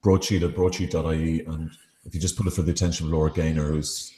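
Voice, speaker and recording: A man's voice: rumbling low, level tone, fast, mellow, echoey room. An Irish man hosting a late-night chat show, hesitant and full of fillers and restarts.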